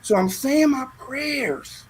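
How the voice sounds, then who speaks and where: A man from Southern California telling a long story in a casual chat, animated and repeating words as he goes. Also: very high voice, takes it slowly, slight background noise. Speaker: guest.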